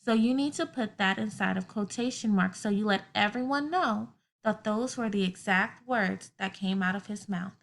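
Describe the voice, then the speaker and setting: A woman's voice: medium pitch, normal speed, vocal fry, few pauses, fairly bright tone. A woman teaching a grammar lesson to children, explaining patiently step by step with everyday examples.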